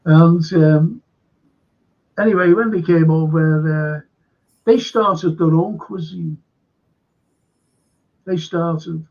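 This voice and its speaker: A raspy, gravelly man with a Scouse accent chats his way through local history, rambling from one anecdote to the next. His voice sits a little high, and the recording sounds dull and lo-fi. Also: takes it slowly, long pauses. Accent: Liverpool (Scouse). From Liverpool, England. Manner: rambling anecdotal storyteller with frequent fillers. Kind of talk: casual storytelling chat.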